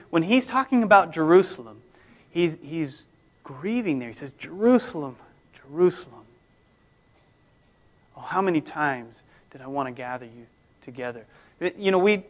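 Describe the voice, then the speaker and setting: A man preaching a conversational sermon, his voice swinging between loud emphasis and near-hushed tones. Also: fairly high pitch. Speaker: pastor.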